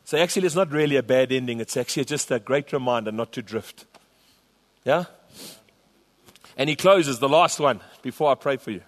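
A man's voice: mid-range voice, a little fast, long pauses. A man pastor preaching a sermon to his church, emphatic and repetitive. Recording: long hall reverb.

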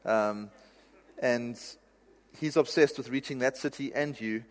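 A man's voice: medium pitch, a little slow. A male pastor giving a sermon in a conversational, self-deprecating way, laughing at himself now and then. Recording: reverberant hall.

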